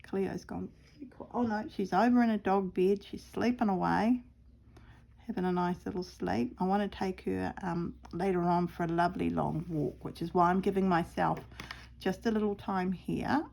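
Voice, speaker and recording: A woman's voice: on the low side, steady tone, moderate pace, vocal fry, darkish tone. A middle-aged woman with a New Zealand accent, chatting away in a rambling, self-deprecating way as she sews outdoors at home, sometimes dropping to a murmur. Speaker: sewing vlogger. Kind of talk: casual crafting chat.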